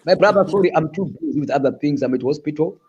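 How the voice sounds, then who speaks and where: A man calling in with a raspy voice, ranting in a boisterous way and repeating boastful slogans. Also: a little high, fast, a little mellow. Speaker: caller. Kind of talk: impassioned call-in rant. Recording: dull lo-fi call audio.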